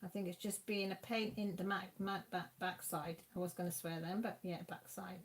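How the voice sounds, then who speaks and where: This craft channel host talks casually to her live chat from home, reacting aloud to the comments she reads. She has a lowish voice and a level tone, keeping a moderate pace with few pauses.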